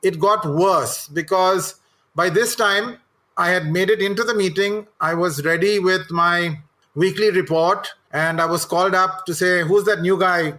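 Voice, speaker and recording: A man's voice: high-pitched, fairly even intonation, unhurried, sharp tone. A middle-aged man, a guest telling candid, self-deprecating personal anecdotes. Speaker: guest, communications executive and coach.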